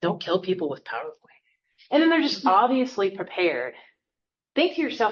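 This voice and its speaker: The clip has an echoey room and lo-fi quality, with a woman speaking in a mid-range, very animated voice. This Southern professor gives a fast, chatty workshop talk to her class, peppering it with "right?"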